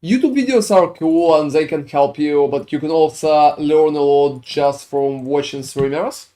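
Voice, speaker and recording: A man's voice: fairly high pitch, unhurried, warm tone. A man with a French accent, streaming a game and chatting casually with his viewers, rambling with lots of fillers. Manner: chatty, answers chat with filler-heavy rambling. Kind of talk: casual live-stream chat while gaming.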